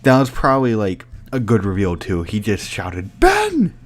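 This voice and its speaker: A man giving a casual spoken movie review, excited and rambling with many filler words. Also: on the low side, moderate pace, slight background noise.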